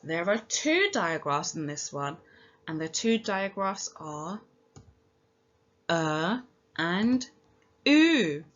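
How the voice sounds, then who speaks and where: A woman with a British accent teaching a recorded phonics lesson for young children, speaking slowly and clearly and sounding out each letter encouragingly. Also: on the low side, big pitch swings, fairly bright tone. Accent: British English. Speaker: primary school teacher. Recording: dull lo-fi home recording.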